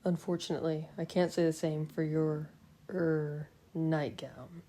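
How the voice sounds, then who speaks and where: A woman reading the part of a calm, teasing young male vampire husband in a quiet, even, lowered voice. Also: measured pace.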